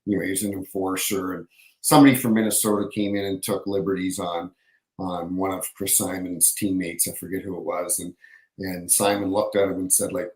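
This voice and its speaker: A man's voice: low-pitched, little pitch movement, a little fast, darkish tone, roomy sound, low-quality recording. A man, a former hockey referee, telling stories as a podcast guest in a rambling, casual way. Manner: rambling, self-correcting storyteller. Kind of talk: casual anecdotal storytelling.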